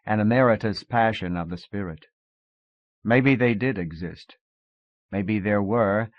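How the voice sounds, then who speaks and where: A low-voiced man reads a literary story in a measured, reflective way. The sound is dry and close, but dull and lo-fi like an old cassette. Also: no room sound. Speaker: audiobook narrator. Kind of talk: scripted narration.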